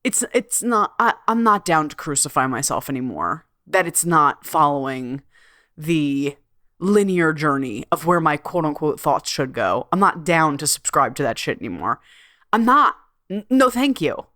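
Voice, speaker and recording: A middle-aged woman speaks in a somewhat low voice, recorded close and dry. She hosts her own podcast and talks frankly, swears freely and hums between thoughts. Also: sing-song, pushed and bright, no echo. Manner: candid and swearing freely, with laughs and drawn-out hums. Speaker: podcast host and coach. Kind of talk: casual solo podcast monologue.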